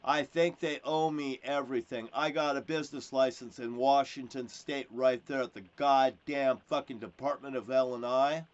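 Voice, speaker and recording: A man's voice: mid-range voice, steady tone, moderate pace, hardly any pauses, clean tone. A man delivering a rambling, aggrieved monologue as a self-proclaimed prophet, swearing constantly and jumping between topics. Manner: aggrieved and insistent. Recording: dull lo-fi recording with faint hiss.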